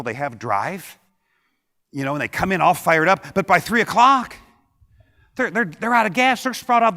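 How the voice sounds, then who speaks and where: Give me a motivational keynote from a middle-aged man, punchy and quick with a joke, recorded with long hall reverb. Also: high voice, sharp tone. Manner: punchy, joking, fires rhetorical questions at the audience. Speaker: keynote speaker. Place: large conference hall with audience.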